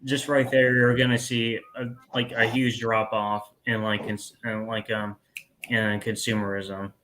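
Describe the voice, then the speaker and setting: A man's voice: fairly low pitch, little pitch movement, unhurried, fairly bright tone, low-quality recording. A man hosting a podcast in casual chat, rambling along, laughing easily and tacking "man" onto his sentences. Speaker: podcast host.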